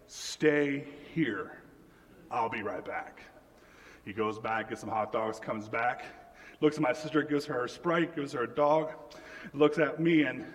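A young man preaching a sermon in a church, telling family stories with lively acted-out quotes. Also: medium pitch. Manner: storytelling, animated quoting of family. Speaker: pastor. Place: church sanctuary. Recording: reverberant church hall.

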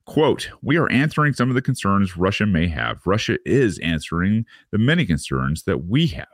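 Deep sardonic man commenting on news. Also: sing-song, moderate pace, dry recording, clean studio sound. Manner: sardonic asides, repeated words and fillers. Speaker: podcast host reading and commenting on a news article. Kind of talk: casual commentary with read-aloud passages.

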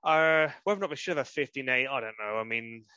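A man's voice: medium pitch, expressive, fast talker, bright, forceful tone, clean tone, no echo, lo-fi sound. A man co-hosting a casual chat, easygoing and hesitant, thinking aloud as he goes. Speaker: podcast co-host.

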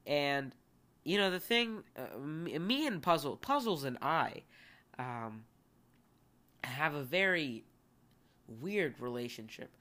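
Goofy rambling young man, bright voice. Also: a little high, big pitch swings, slow pace, long pauses. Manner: goofy, self-deprecating, rambling with many fillers. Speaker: podcast host. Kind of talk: rambling solo podcast chat.

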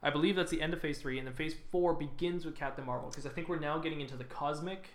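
A man's voice: fairly high pitch, fast. A man with a Canadian accent co-hosting a podcast in casual chat, rambling and hedging a lot. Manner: rambling, hedges a lot, animated. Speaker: podcast co-host. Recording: echoey room.

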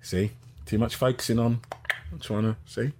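A middle-aged man hosting a casual live-stream podcast, reading out chat and giving shout-outs. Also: medium pitch, fairly even intonation, normal speed, husky. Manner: chatty, gives shout-outs, laughs easily.

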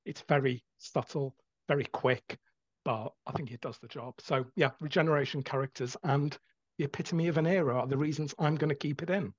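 A man's voice: fairly high pitch, a little fast, breathy edge, no echo, muffled recording. A man hosting a panel podcast, laying out his reasons one by one with enthusiasm. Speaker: podcast host. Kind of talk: casual panel discussion.

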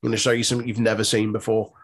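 A man's voice: lowish voice, little pitch movement, rapid-fire. A man co-hosting a casual podcast, joking and laughing often. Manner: laughs often, jokey interjections. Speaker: podcast co-host. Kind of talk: casual wrestling chat.

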